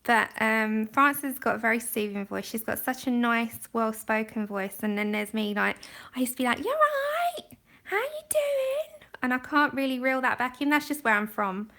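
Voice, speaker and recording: A London woman with a London accent hosts a livestream, chatting casually and rambling a bit while she colours, laughing often. Her voice is fairly high and sharp, with fairly even intonation and a moderate pace. She's recorded on a phone.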